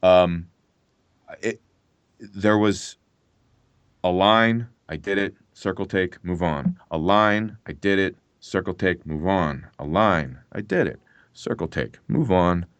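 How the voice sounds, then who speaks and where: A male voice actor as a podcast guest, telling animated stories and swearing freely. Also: sits low, slow pace, clear, resonant tone, no room sound. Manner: animated storyteller, swears freely, acts out his own reactions. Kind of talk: casual podcast interview.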